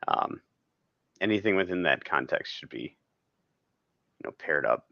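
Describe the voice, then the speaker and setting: Deep-voiced guy rambling on a podcast, bright edge to his voice, muffled dry audio. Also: animated, a little slow, creaky, no echo. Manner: rambling, frequent laughs. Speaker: podcast guest. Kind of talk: casual chat. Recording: dull, dry lo-fi sound.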